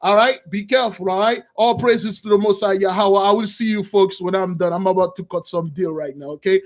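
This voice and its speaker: A man preaching through an animated moral story, excitable and bursting into shouts, in simple non-standard English. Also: high-pitched, fairly quick.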